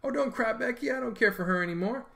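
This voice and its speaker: A man's voice: extremely high pitch, fast, gravelly, pushed and bright, voice pushed up, heavily acted. A man voicing an eager, boastful young schoolboy in a storybook reading, wheedling and keen.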